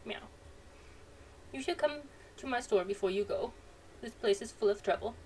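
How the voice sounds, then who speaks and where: A woman's voice: fairly high pitch, moderate pace, darkish tone, lightly acted. A woman voicing a cagey male cat merchant who tacks "meow" onto his sentences. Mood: sly. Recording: distant mic, faint noise.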